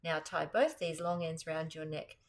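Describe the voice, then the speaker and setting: Aussie lady doing a kind old shopkeeper guy, helpful, low-ish, storybook. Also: fairly even intonation, normal speed. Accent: Australian.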